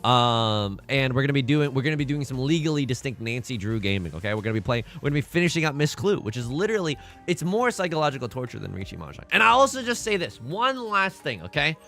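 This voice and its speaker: Animated joking streamer man. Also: mid-range voice, quick pace, few pauses, faint music behind. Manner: animated, jokey, bursts into sudden loud exclamations. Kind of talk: live-stream gameplay commentary.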